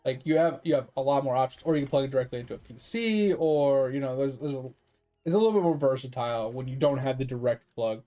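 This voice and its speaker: A man's voice: mid-range voice, fast, mellow. A man streaming games, ranting casually and profanely to his chat. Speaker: game streamer.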